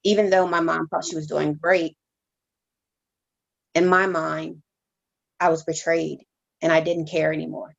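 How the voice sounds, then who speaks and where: Gravelly-voiced woman giving heartfelt testimony. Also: low voice, little pitch movement, dull audio. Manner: halting, heartfelt storytelling with many restarts. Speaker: reverend giving her testimony as interview guest. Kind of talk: emotional personal testimony.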